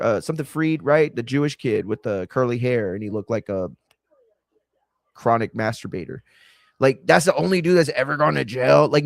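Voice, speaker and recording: A man's voice: on the high side, no echo. Profane man ranting heatedly. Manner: profane, heated and frustrated, lots of filler and restarts. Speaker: wrestling and boxing podcast host. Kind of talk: casual ranting commentary.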